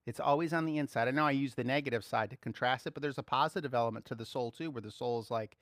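A man preaching a sermon, swinging between soft, quiet asides and loud, excited exclaiming. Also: mid-range voice, fast talker, no echo, studio quality.

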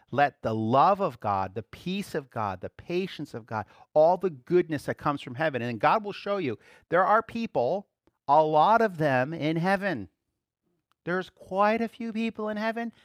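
A man preaching a relaxed, conversational sermon to a class. His voice sits a little high and sounds dry and close, with no room echo. He laughs often and swings between emphatic bursts and quiet asides.

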